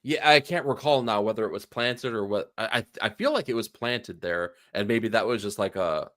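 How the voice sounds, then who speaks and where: Low-voiced man summarizing a comic. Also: normal speed, no echo, clean studio sound. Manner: relaxed summarizing, hedges with fillers. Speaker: podcast co-host. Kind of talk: casual comic book discussion.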